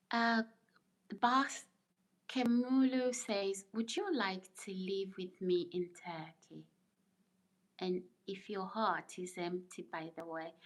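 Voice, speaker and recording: A middle-aged woman hosting a live stream, chatting casually, laughing often and answering viewer comments as she reads them out. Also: mid-range voice. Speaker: livestream host reading viewer comments.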